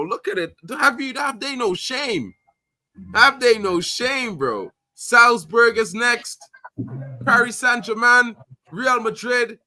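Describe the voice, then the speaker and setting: A man streaming casual football chat, animated and slangy, calling everyone bro. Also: high-pitched, no room sound. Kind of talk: casual live commentary.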